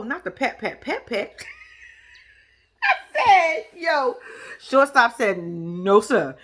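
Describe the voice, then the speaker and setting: A woman talking casually, recapping a TV episode in a sassy, profane, teasing way. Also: high voice. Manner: profane, sassy, animated storytelling; sarcastic, teasing. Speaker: reality TV recap vlogger. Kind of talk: casual commentary.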